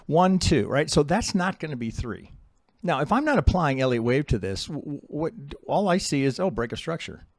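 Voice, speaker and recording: A middle-aged man casually teaching chart analysis as a trading educator, talking bluntly, swearing and mocking traders in quick put-on voices. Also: a little high, very animated, no echo, studio quality.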